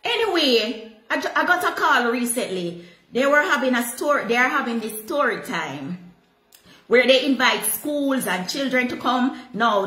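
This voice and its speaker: A Jamaican woman pastor preaching a sermon, slipping into patois with animated delivery. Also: high voice, echoey room, low-quality recording.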